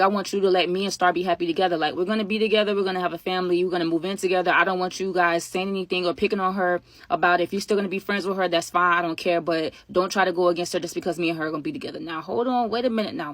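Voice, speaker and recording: Woman, quick casual storytelling, lowish voice, dry close sound. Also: no room sound. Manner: animated, quotes others in her own voice.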